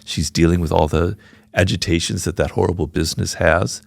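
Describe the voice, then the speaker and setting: A man's voice: deep voice, fairly even intonation, a little fast, gravelly, dry recording. A man in his sixties speaking frankly and reflectively as a guest in a conversational interview. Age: 60s. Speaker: podcast guest, author.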